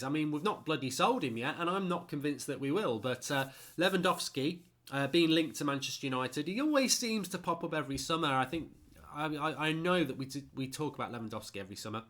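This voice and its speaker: A man's voice: on the high side, lively intonation, fast talker, a bit bright. A man hosting a casual football stream, tired and yawning, talking bluntly and with strong opinions while he reads out viewer comments. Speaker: football channel host reading viewer comments. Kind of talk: casual live-stream chat.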